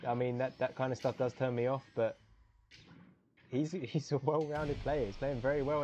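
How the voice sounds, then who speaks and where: A young male esports caster calling a match alone in a chatty, easygoing voice of middling pitch. On big plays he leaps into loud, high-pitched exclamations, and between plays he rambles and corrects himself. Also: steady tone, normal speed, soft background music. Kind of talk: solo live game commentary.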